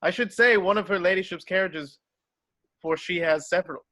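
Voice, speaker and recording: A man's voice: high-pitched, moderate pace, sharp tone. A man reading the part of a pompous, fawning clergyman in an amateur script reading. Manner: pompous, fussy.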